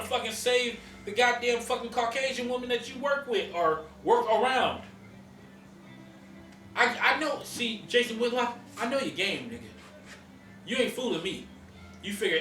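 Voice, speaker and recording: A man's voice: extremely high pitch, lively intonation, normal speed, sharp tone, reverberant, distant mic, faint music behind. A man hosting a podcast, ranting in heated casual chat, profane and emphatic. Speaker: podcast host.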